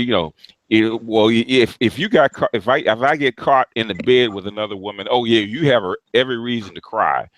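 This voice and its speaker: A man's voice: lowish voice, a bit bright, no echo, rough recording. A middle-aged man talking bluntly in casual chat as a host, with frequent restarts and repeated words.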